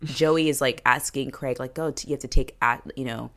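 A woman's voice: rumbling low, fairly even intonation, brisk, fairly bright tone. A woman co-hosting a podcast, recapping a TV episode in casual chat, rambling with lots of fillers and sarcastic asides.

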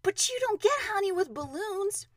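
A woman's voice: extremely high pitch, big pitch swings, moderate pace, fairly bright tone, dry recording, pitched above the performer's own voice, full character voice. Little boy in a storybook, woman reading: patient, reassuring, dry close sound. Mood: gentle. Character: kind, sensible little boy.

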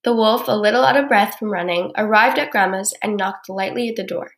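A woman narrating a children's storybook in an expressive, measured way. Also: mid-range voice. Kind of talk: storybook reading.

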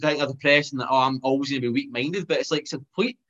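A man, a fitness trainer, talking as a podcast guest in a fast, animated way, often restarting his sentences. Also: mid-range voice, lo-fi sound. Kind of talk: casual chat.

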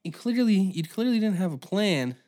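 A man's voice: high-pitched, lively intonation, moderate pace, warm tone. Rambling, profane male podcast host. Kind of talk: comedic monologue.

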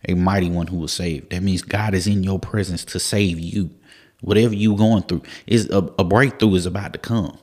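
A man's voice: deep voice, darkish tone, breathy edge. A man giving an informal Bible devotional, repeating key lines for emphasis and using casual slang. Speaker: preacher.

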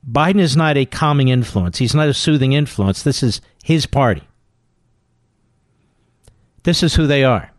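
A man's voice: mid-range voice, animated, normal speed, long pauses, no room sound, studio quality. Combative talk radio host man. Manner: combative, scornful, emphatic.

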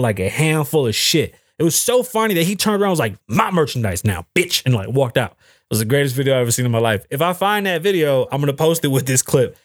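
A young man hosts his own talk show, riffing casually in solo commentary full of swearing and acted-out quotes, telling stories in a profane, animated way. His voice is on the high side, with no room sound and studio quality.

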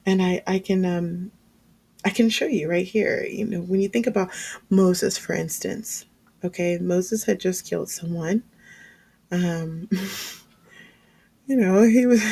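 Gravelly-voiced woman giving a testimony. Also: lowish voice. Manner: animated storytelling, laughs often, many fillers. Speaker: speaker sharing testimony. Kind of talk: sermon-style testimony.

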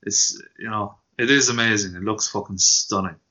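A man's voice: lowish voice, normal speed, crowd noise. A man, co-hosting a podcast, blunt and sweary as he teases the others. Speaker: podcast co-host. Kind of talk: casual chat. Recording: dull lo-fi sound.

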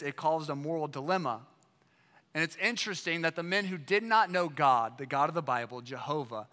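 A pastor delivers a sermon in a bright, forceful voice that sits a little high. He presses his points with rhetorical questions, and his words ring with long reverb from a big hall. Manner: emphatic, full of rhetorical questions.

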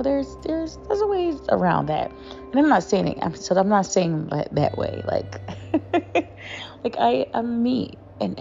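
A woman co-hosting a podcast, talking through her feelings in a halting, self-affirming way with many fillers. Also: lowish voice, creaky, dark tone, highs cut off. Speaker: podcast co-host. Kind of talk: reflective podcast monologue.

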